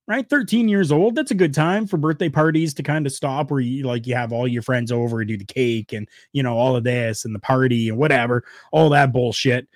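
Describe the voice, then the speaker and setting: Animated male podcast host, dry close mic. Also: medium pitch, dry recording. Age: adult, former wrestler. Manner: animated and heartfelt, swings between loud bursts and quiet asides. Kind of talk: casual podcast talk.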